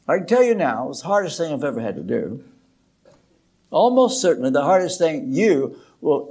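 An older man preaching a sermon in a slow, dramatic way, with emphatic pauses. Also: fairly high pitch, big pitch swings, darkish tone, breathy edge.

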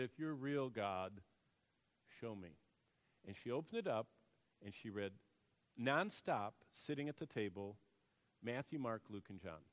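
A man preaching a sermon and telling a story, dropping to a hush and then rising to loud emphasis. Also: medium pitch. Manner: storytelling, swings between hushed and loud emphasis. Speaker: pastor. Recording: long hall reverb.

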